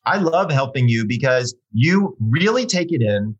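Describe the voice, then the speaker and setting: A man speaks as a sleep coach in a casual conversation, emphatic and reassuring with parents. His voice is husky and somewhat raspy. It sits at a middle pitch for a man. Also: sing-song, a little slow, highs cut off. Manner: reassuring, emphatic, occasionally swears. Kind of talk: casual chat.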